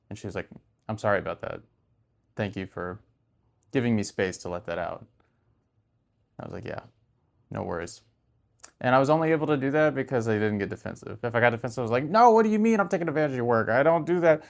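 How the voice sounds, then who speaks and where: A man giving relationship advice in a casual talk to camera, speaking calmly and softly and letting his sentences trail off quietly. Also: on the low side. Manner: calm, soft-spoken, trailing off quietly; laughs and raises his voice when mimicking an argument.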